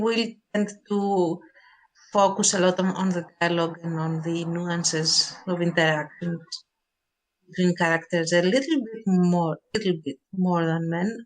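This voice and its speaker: A woman's voice: fairly low pitch, steady tone, unhurried, poor audio. A woman co-hosting a podcast, talking in a thoughtful, hedging casual way. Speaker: podcast co-host. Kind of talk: casual chat.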